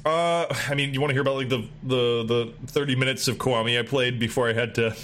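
Chatty man with a bright voice. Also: mid-range voice, steady tone, fast, a little hiss or hum. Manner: rambling, laughs often, swears casually. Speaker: podcast co-host. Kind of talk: casual chat.

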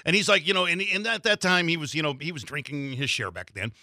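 A man hosting a podcast, telling stories in a rapid, animated way. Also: fairly high pitch, no echo, studio quality. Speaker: podcast host. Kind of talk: casual interview chat.

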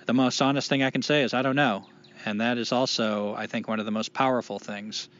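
A man's voice: medium pitch, fairly even intonation, a little fast, a bit bright. A man co-hosting a casual podcast, rambling and swearing freely, poking fun at himself. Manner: rambling, profane, self-deprecating. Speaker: podcast co-host. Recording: dull lo-fi podcast recording.

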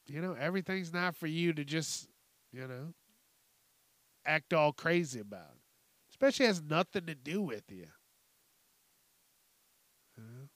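A young man hosting a podcast, ranting profanely about the news and mocking people in quick put-on voices. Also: on the high side, no room sound. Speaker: podcast host. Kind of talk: casual ranting commentary.

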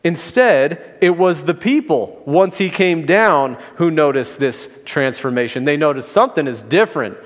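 A man preaching a sermon as pastor, in a conversational way with gentle humor. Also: on the high side, unhurried, hardly any pauses, big-room sound. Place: church sanctuary.

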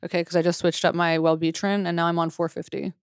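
A woman's voice: fairly low pitch, quick pace, smooth, no echo, clean studio sound. A woman co-hosting a casual podcast chat, swearing freely and acting out the people in her stories. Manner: swears freely, quotes people in animated voices. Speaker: podcast co-host.

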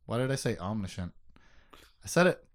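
A man's voice: fairly high pitch, animated, normal speed, fairly bright tone. A man co-hosting a casual podcast, rambling and self-mocking, swearing freely as he recaps a story. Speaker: podcast co-host recapping a book.

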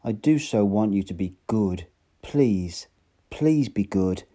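A man voicing a tender, pleading synthetic baritone voice speaking from a machine. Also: very animated, normal speed, warm tone.

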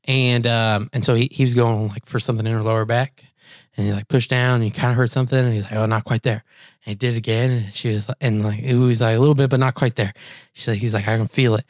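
A man co-hosting a podcast, rambling through a story in loose casual chat. He jumps into high, squeaky voices whenever he quotes someone. The sound is dry and close. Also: flat delivery, fast, no room sound. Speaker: podcast co-host.

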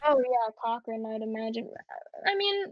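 A young Canadian woman chatting casually, her voice pitched a little high and full of fillers and laughter. The recording is dull and lo-fi, with a dry, close sound. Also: lively intonation, normal speed, no room sound. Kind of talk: casual chat.

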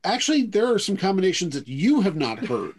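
Husky-voiced man narrating a tabletop game. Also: high voice, very animated. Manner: drawn-out storytelling with many hedges. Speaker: game master.

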